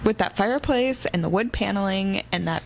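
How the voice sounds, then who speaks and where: A woman's voice: mid-range voice, brisk, gravelly, slight background noise, rough recording. A woman co-hosting a casual book podcast, recapping the plot eagerly. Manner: chatty, recapping the plot with enthusiasm. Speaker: podcast co-host.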